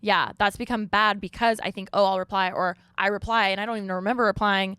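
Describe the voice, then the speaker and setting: A young woman co-hosting a podcast, telling a story in casual chat and acting out text messages in a lively, higher voice. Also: fast talker, smooth, no room sound, studio quality. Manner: animated storytelling, acts out texts in a high voice. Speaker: podcast co-host.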